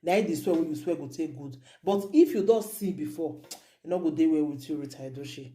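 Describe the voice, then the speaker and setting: A woman's voice: low-pitched, a little fast, warm tone. A woman vlogger with a Nigerian Pidgin accent, giving emotional commentary with repeated exclamations and indignant questions.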